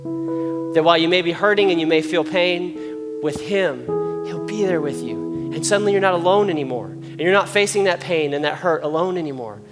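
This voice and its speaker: A man's voice: on the high side, moderate pace. Preacher guy talking earnest and casual, lingering echo, guitar in the background. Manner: earnest, conversational preaching with rising emphasis. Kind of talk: sermon. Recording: long reverb, guitar music behind. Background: soft guitar music.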